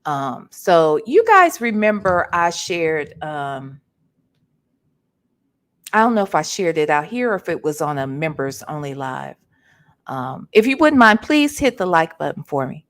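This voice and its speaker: A tired, low-energy woman hosting a casual livestream and greeting her chat one by one. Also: very animated, a little slow. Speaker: livestream host.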